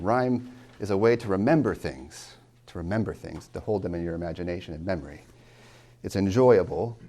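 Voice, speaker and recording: Lecturing as a college tutor on how to read poetry, a man with a low, creaky, darkish voice asks questions and answers them himself. He also taps out rhythms aloud.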